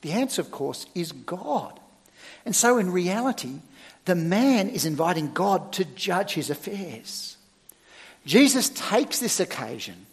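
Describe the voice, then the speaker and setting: A middle-aged male church minister preaching a sermon, with emphatic, expressive delivery and sudden loud stresses. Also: high-pitched, big-room sound.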